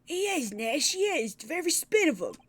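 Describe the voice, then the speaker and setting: A woman's voice: high voice, very animated, normal speed, pitched above the performer's own voice. A woman voicing an eager younger male thief sidekick in a put-on cockney accent, chirpy and agreeable.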